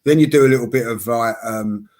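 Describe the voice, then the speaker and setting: A man's voice: medium pitch, brisk, a little mellow. A man on a podcast panel giving plain-spoken football opinions in casual chat, his voice rising when he gets worked up.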